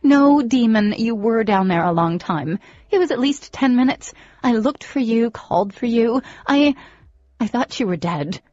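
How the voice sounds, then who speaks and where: A woman's voice: fairly low pitch, normal speed, dry recording, dull audio, natural voice. A woman reading the lines of a frantic, indignant teenage girl in an audiobook, raising her voice. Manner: shouting, indignant.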